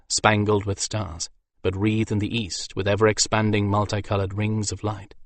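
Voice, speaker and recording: A man narrating a fantasy audiobook in a steady, measured storytelling manner. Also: on the low side, no room sound.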